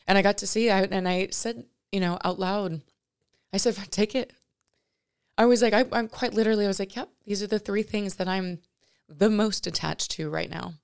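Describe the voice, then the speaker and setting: A young woman vlogger telling a personal spiritual story in a rambling, halting way, often correcting herself and drifting into near whispers. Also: medium pitch, fairly even intonation, vocal fry, clean tone.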